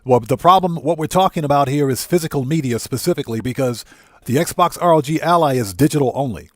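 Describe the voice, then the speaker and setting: Fired-up male streamer, higher voice. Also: animated, fast talker, dry recording, studio quality. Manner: fired-up and indignant, greeting chatters by name. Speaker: livestream host. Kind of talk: ranting livestream chat.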